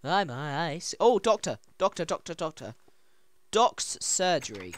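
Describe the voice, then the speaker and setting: Excitable, hoarse let's play co-host. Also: medium pitch, measured pace, dry recording. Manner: excitable, giggly, reads signs aloud. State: voice going hoarse. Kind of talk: casual gameplay commentary.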